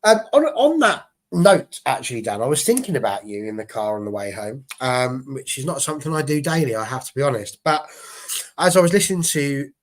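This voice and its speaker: A man hosting a fan show, chatting excitably and rambling with restarts. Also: medium pitch, brisk. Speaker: host. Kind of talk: casual chat.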